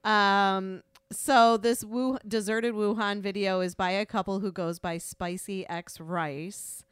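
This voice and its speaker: A middle-aged woman chats bluntly on a podcast, swearing freely and breaking into laughter. Her voice is smooth and clear. The sound is dry and close. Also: mid-range voice, fairly even intonation, takes it slowly, dry recording. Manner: blunt, profane, laughing often. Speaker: podcast co-host. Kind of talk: casual chat.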